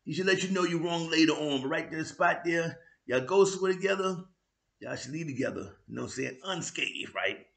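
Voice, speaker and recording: A man with a New York accent tells a story on his own vlog in casual street slang. His voice sits high and sounds bright and forceful, dotted with loud bursts and sound effects. The room around him is echoey. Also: brisk, vocal fry. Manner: animated street slang with frequent "you know what I'm saying". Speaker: vlog host.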